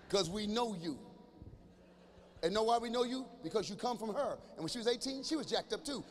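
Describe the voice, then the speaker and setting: A middle-aged man performing stand-up comedy at a live show in a large church venue, talking straight to the crowd in an animated way and now and then breaking into shouts. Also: sits high, quick pace, slight background noise. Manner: animated, addresses the audience directly, breaks into shouts. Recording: echoey hall with faint ambience.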